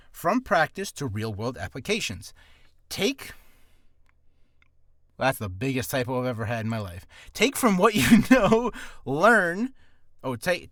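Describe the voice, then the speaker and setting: Man, casual voice-acting tutorial, rambling, lively, slightly high, dry. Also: dry recording. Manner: rambling and self-deprecating, full of asides. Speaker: voice acting teacher.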